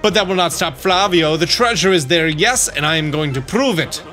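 A man's voice: on the high side, animated, moderate pace, sharp tone, soft background music. A man voicing a flamboyant, self-important sailor-merchant in a vague mixed foreign accent, speaking in a theatrical, grandiose way. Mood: dramatic boasting. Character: pompous flamboyant male sailor-merchant braggart.

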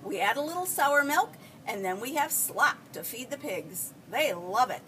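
A woman's voice: on the high side, sing-song, normal speed, fairly bright tone. A woman voicing a friendly, good-humored older male farmer in a read-aloud storybook, speaking in a patient, folksy way with a chuckle close by. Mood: kindly. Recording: distant mic, faint background hiss.

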